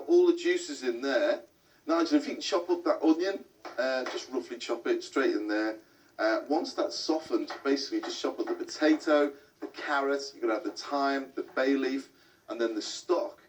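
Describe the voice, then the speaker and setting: A man of medium pitch and normal speed hosts a cooking show, chatting through each step as he cooks. The cooking demonstration was recorded on a distant mic with background music.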